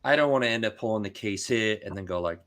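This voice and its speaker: Low-voiced man telling animated stories. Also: fast talker. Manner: animated, acts out quoted voices, says dude and like a lot. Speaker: card breaker guest on a podcast. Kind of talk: casual storytelling chat.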